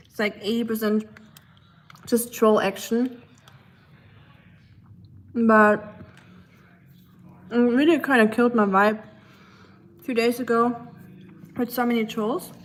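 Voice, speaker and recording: Relaxed German woman streamer. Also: fairly high pitch. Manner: relaxed, many ums, switches between English and German. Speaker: livestreamer. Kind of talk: casual livestream chat reading comments.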